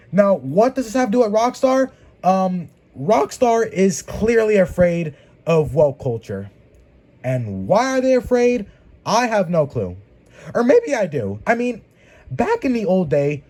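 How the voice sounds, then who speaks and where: A man's voice: high voice, dark tone. A man ranting in a gaming commentary video, emphatic, profane and repetitive.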